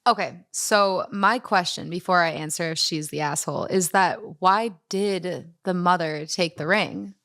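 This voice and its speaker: A woman co-hosting a casual podcast, laid-back and jokey with quick interjections. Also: on the low side, a bit bright. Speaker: podcast co-host. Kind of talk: casual chat.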